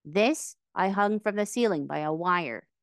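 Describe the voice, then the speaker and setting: A woman's voice: on the low side, animated, a little slow, no echo, clean studio sound. A woman reading aloud from a storybook, voicing a timid little old man posing as a wizard, meek and trembling.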